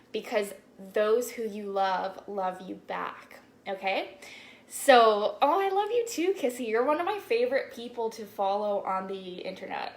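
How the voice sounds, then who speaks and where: A woman's voice: medium pitch, vocal fry, a little hiss or hum. A young woman spiritual coach talking casually on a live stream, chatty and full of "like"s and swearing. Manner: chatty, swears often, many "like"s.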